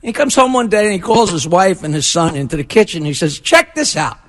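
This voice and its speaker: An older male comedian telling jokes on morning radio, energetic and teasing. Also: sits high, fast. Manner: energetic, teasing, animated storyteller. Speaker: comedian guest. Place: radio studio.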